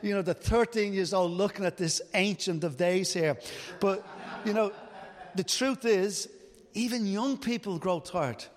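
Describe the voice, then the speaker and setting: A man's voice: a little high, long reverb tail. A middle-aged man preaching a sermon as pastor, earnest and full of rhetorical questions.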